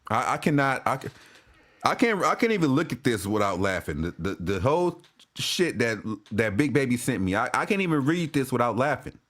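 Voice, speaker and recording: A sports fan ranting about basketball to his camera in a casual, medium-pitched voice that's sing-song, fairly quick and a bit bright, swinging widely up and down. He keeps cracking up laughing, swears freely and repeats his lines again and again.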